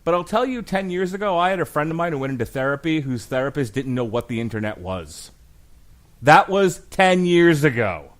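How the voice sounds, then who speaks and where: A man in his forties hosting a podcast and arguing a case about a film with emphatic, animated delivery and frequent laughter. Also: on the high side, brisk. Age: 40s. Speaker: podcast host. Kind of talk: mock-trial film debate podcast.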